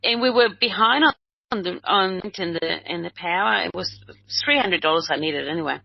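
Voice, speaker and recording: Gravelly older woman telling her story. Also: lowish voice, moderate pace, no echo. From Uruguay. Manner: rambling, acts out quoted dialogue, many restarts. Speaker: medium and healer, interview guest. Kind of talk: personal storytelling. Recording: dull lo-fi recording.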